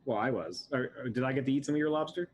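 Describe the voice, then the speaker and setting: Husky-voiced man, rambling player. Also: mid-range voice, animated, rapid-fire. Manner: rambling, hesitant, lots of fillers and restarts. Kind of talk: casual tabletop play.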